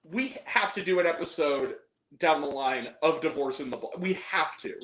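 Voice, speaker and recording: A man giving a casual film review, animated, laughing often and acting out scenes in lively quoted voices. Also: on the high side, moderate pace. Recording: echoey room with faint noise.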